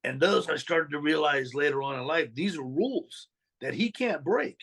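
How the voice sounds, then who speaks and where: His voice a little high, creaky and husky, this ex-mob associate narrates his past for an interviewer at a normal speed. He brings the story alive by acting out what people said.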